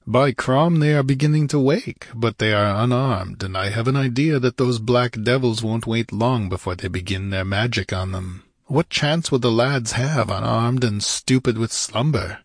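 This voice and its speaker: A man voicing a fierce, brawny barbarian warrior who speaks in a low, urgent, commanding way. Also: moderate pace, hardly any pauses, no echo, clean studio sound, natural voice. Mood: grim.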